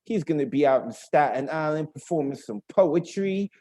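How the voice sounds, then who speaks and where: A man's voice: fairly high pitch, animated, brisk, few pauses, dark tone. A man hosting an online open mic, introducing poets with hyped, friendly banter. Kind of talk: casual emcee patter.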